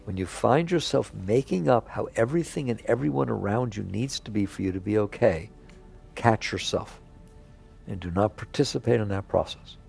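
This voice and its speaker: A man's voice: fairly low pitch, moderate pace, vocal fry, a little mellow, soft background music. A man giving an earnest spiritual talk to an audience, asking rhetorical questions and chuckling as he makes his points. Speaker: spiritual teacher.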